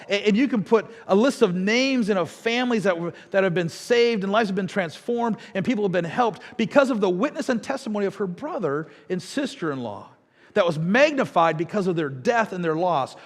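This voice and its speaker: A middle-aged man from the American Midwest, preaching a sermon with lively storytelling and asides to the congregation. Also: high voice, long reverb tail. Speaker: pastor. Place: church sanctuary.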